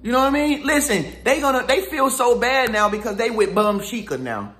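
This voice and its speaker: A man's voice: extremely high pitch, expressive, fairly quick, a bit bright, echoey room. A man giving a slangy, jokey pep talk as a relationship advisor. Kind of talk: casual pep-talk monologue.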